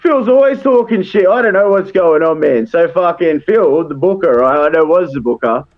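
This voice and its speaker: A man's voice: on the high side, animated, moderate pace, narrow, tinny audio. An Australian man, a wrestler guesting on a podcast, ranting bluntly and swearing constantly in casual chat.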